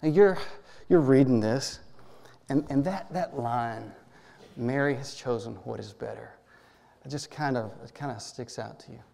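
Soft-spoken gravelly minister in a reverberant church. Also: male voice, mid-range voice. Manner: halting, gentle, repeats words, drops to a soft hush. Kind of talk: guided prayer meditation. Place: church sanctuary.

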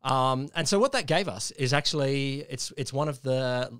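A man's voice: medium pitch, moderate pace, fairly bright tone, clean tone, dry recording, clean studio sound. Man explaining history with many fillers. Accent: Australian. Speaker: podcast co-host. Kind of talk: casual science chat.

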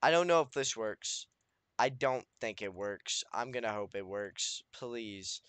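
A man's voice: medium pitch, expressive, a little slow, fairly bright tone, smooth, no room sound. Anxious, swearing young gamer man. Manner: anxious, swearing, self-talking, desperate pleading. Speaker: gaming YouTuber. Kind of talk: Minecraft let's play commentary.

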